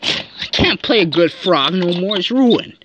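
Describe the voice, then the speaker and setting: A woman playing out a toy scene aloud and acting out toy characters, jumping suddenly into squeaky voices. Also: animated, unhurried, background noise.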